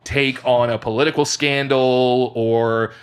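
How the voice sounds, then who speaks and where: Laughing, joking podcast host. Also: male voice, mid-range voice, slow pace, smooth. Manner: joking, laughs often, animated storytelling. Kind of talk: casual chat.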